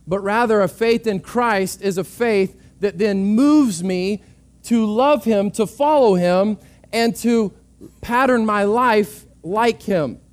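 A man preaching with a high-set voice. He is earnest and direct, doubling words at the start of phrases. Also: takes it slowly. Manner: earnest, repeating words as he restarts. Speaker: pastor. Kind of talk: sermon.

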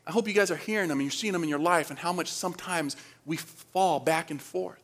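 Animated high-voiced male preacher. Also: a little fast. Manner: animated, acts out panicked voices, swings loud to quiet; asks the audience questions. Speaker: pastor. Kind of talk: sermon.

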